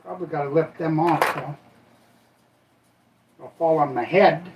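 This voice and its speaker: An older Minnesota man hosts a live stream, cooking as he chats in a rambling, folksy manner and trailing off with "I don't know." His voice runs on the high side at a measured pace, and the lo-fi recording carries background noise.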